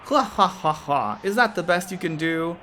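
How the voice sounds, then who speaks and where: A woman's voice: fairly low pitch, lively intonation, moderate pace, fairly bright tone, slight background noise, voice pushed up. A woman reading the lines of a gloating male villain knight from a game, with taunting laughter and mockery. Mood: mocking.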